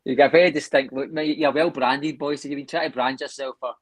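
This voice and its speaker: A Scottish man giving measured, analytical football talk on a podcast. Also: a little high, fairly even intonation. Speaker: podcast co-host. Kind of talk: casual chat.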